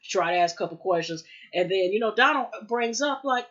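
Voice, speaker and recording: A woman talks through a TV episode in a loose, rambling way, full of fillers, and slips into quick quoted lines for the characters. Her voice sits at a middle pitch. The audio is a little dull and lo-fi. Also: animated, fairly bright tone. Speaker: TV recap vlogger. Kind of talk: casual episode recap.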